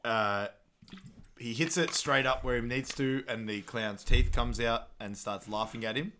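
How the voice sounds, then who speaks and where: A man co-hosting a podcast, casually recapping a film, laughing often and loudly acting out quotes. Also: mid-range voice, fairly even intonation, a little slow, slight background noise. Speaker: podcast co-host.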